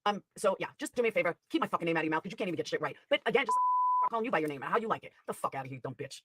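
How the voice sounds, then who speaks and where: A woman streamer tears through an angry, profane rant at a breakneck clip. Her voice sits a touch high, bright and forceful, and the recording is close and dry with no room sound. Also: expressive, husky, no echo. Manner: profane, heated, rapid-fire. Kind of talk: angry ranting commentary.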